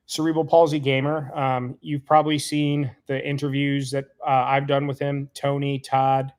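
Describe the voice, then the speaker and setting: A man's voice: medium pitch, monotone, normal speed, few pauses, darkish tone. A man hosting a live stream, greeting chat viewers and then angrily calling out a commenter in a rambling, repetitive way. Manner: rambling, heated call-out with repeated insults. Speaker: host reading live chat.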